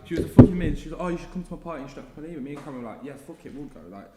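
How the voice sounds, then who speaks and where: A man's voice: fairly high pitch, expressive, rapid-fire, very noisy. A young man, telling a story in casual podcast chat and swearing freely as he goes. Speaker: podcast host. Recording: echoey room with long reverb.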